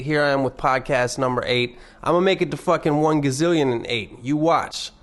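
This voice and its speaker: A man's voice: mid-range voice, a little fast, hardly any pauses. A young man hosting his own podcast alone, rambling and joking with lots of swearing. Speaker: podcast host. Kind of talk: casual solo podcast rant.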